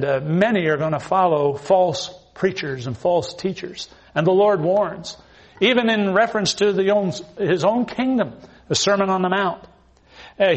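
A man preaching a sermon, quoting scripture and swinging from quiet earnest asides to loud, raised emphasis, often repeating his phrases. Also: on the high side.

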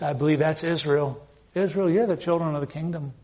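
A man's voice: on the high side, fairly quick, darkish tone. A man preaching a sermon, reading scripture aloud and explaining it with emphatic, dramatized delivery. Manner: emphatic, acts out scripture scenes. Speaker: pastor.

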